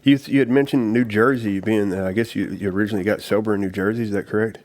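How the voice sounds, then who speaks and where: A man's voice: lowish voice, steady tone, fast, a little mellow. A man hosting a recovery podcast, asking casual questions with brief encouraging replies. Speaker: podcast host. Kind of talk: casual interview.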